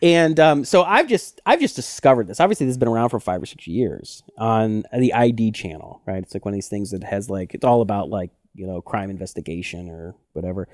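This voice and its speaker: A man co-hosting a podcast in casual chat, telling stories with lively acted-out quotes. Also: on the low side, fairly quick, hardly any pauses, no room sound, studio quality. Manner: animated storyteller who acts out quotes. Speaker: podcast co-host.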